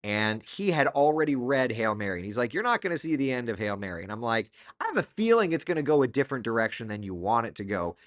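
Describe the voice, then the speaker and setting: Male host, middle-aged, casual live-stream chatter, reads comments aloud, animated intonation. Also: medium pitch, quick pace, hardly any pauses.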